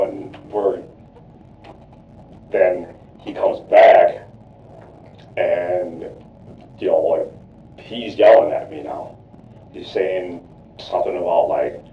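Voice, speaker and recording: A man's voice: deep voice, steady tone, a little slow. A man under police questioning, rambling and repeating himself as he talks through what happened, full of "you know, like". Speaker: murder suspect under questioning. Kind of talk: rambling account in a police interrogation. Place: police interrogation room. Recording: echoey, distant, lo-fi interrogation room.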